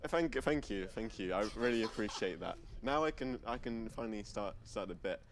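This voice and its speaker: A man's voice: on the low side, lively intonation, normal speed, slight background noise. Stammering, giggly young male comic. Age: young adult. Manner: stammering, giggly, self-deprecating. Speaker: stand-up comedian. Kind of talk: stand-up set. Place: student comedy stage before a live audience.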